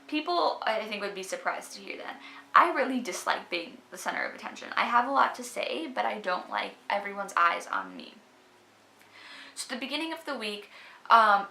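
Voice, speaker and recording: A chatty young woman speaks straight to her camera in a loose vlog manner, peppering her talk with "like". Her voice is bright with a gravelly fry at the ends of phrases. The room around her rings with noticeable echo. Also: mid-range voice. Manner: chatty, fills speech with "like". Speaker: vlogger. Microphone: camera mic. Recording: echoey room.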